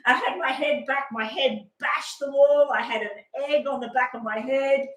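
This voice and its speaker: A middle-aged woman, rambling casually on a live stream as a tarot reader and telling a long story with animated asides. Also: high voice, normal speed. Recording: echoey room.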